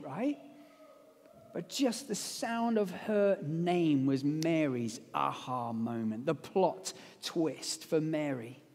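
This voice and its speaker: A man preaching a lively, conversational sermon that retells a story, with casual asides. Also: sits high. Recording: long hall reverb.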